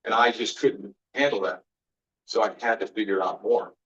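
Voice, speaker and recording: As a guest speaker, a man delivers an earnest, faith-based motivational talk, recounting personal stories and performing the exchanges in them. His voice is fairly low and fairly bright at normal speed, heard through roomy, distant, dull audio.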